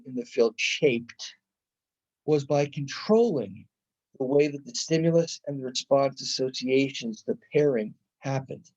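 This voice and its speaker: A middle-aged male lecturer talks through psychology in a loose, conversational way, stopping to restart sentences and act out examples. His voice is dark and mellow, and the recording sounds dull and lo-fi. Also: on the high side. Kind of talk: classroom lecture.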